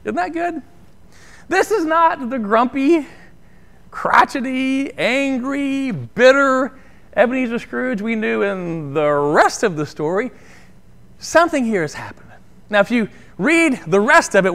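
High, lively male pastor preaching. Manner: conversational, asks "right?" often. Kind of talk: sermon.

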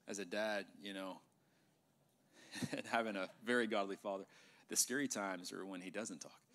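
A middle-aged male pastor preaching an emphatic sermon in a church, sometimes dropping to a hushed voice for effect. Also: fairly low pitch. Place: church sanctuary.

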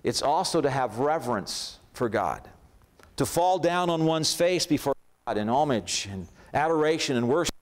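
Higher-voiced male pastor preaching. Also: animated, normal speed. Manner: conversational, with emphatic lists. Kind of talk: sermon. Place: church sanctuary.

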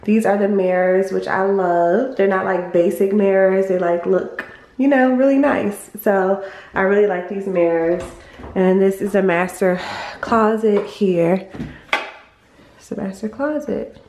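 A woman's voice: medium pitch, fairly even intonation, measured pace, darkish tone. A young woman giving a casual, gushing tour of her family's new empty house, recorded on a handheld phone, talking with lots of fillers and a little out of breath as she walks room to room. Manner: chatty, gushing, full of fillers. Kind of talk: casual home tour vlog.

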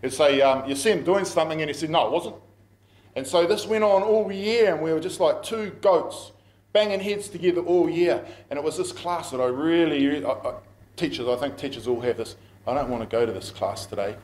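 A man's voice: fairly high pitch, fairly quick, darkish tone. A middle-aged man with a New Zealand accent preaching a sermon as pastor, telling stories in a conversational way and laughing at himself. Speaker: pastor and school principal. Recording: echoey room.

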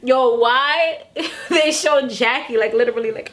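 Young woman gossiping through a tv recap, kinda high voice, super animated. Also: unhurried. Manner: chatty and animated, acts out quotes. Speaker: reality TV recap vlogger. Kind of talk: casual chat.

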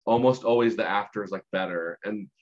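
Enthusiastic man host, lowish voice. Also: fairly quick. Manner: enthusiastic, affirming, reflective. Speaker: podcast host. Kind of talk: casual conversation. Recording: slightly dull, lo-fi sound.

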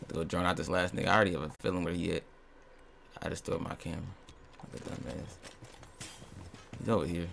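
A young man streaming a video game, commenting casually, swinging from low muttering to loud yelps. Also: steady tone, quick pace, creaky, long pauses, a little hiss or hum. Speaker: gaming streamer.

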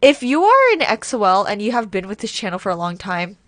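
A woman gushing through casual reaction commentary, excitable, swearing often and saying "oh my god" a lot. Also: mid-range voice, a little fast, dry recording. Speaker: reaction video creator. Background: faint music video playing.

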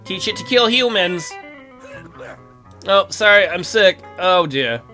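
A man hosting a let's play, giving casual, excitable commentary full of jokes and swearing. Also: high-pitched, takes it slowly, soft background music. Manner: excitable and jokey, swears freely.

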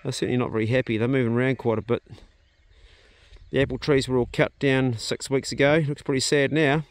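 A middle-aged man with a New Zealand accent, chatting in a relaxed, plain-spoken way as he walks around his farm outdoors. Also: mid-range voice, brisk. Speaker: vlogger, farm owner. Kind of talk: casual narration on a farm walk.

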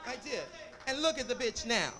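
A man from Atlanta, Georgia, performs as a drag queen on a nightclub stage, bantering with the audience on a handheld mic. His voice is very high, animated and fairly quick, and his sassy, campy chatter comes with a bubbly laugh and plenty of "honey" and "baby." It's a live club recording over a noisy crowd.

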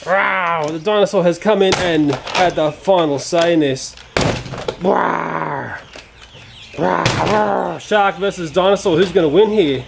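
A man's voice: sits high, takes it slowly, vocal fry, long pauses, noisy background. A man casually reviewing a toy playset, chatty and given to exclamations like "oh dear.".

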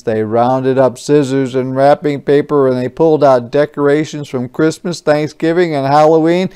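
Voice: mid-range voice, flat delivery, measured pace, few pauses, mellow, clear, resonant tone. A kindergarten teacher reading a picture book aloud with expression, stopping to explain words and ask the children questions. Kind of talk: interactive children's read-aloud.

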